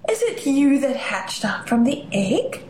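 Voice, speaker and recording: A woman voicing a caring, eager little girl in a high, sing-song child voice. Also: very animated, measured pace, a little mellow, slight background noise. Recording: roomy echo.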